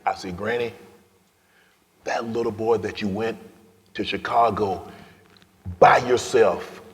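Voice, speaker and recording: In a large event hall, a deep-voiced man gives a personal storytelling speech as a guest speaker, steady in tone and unhurried. The story is moving and his emotion swings him from loudness to hushed whispers, with the long reverb of the hall around him.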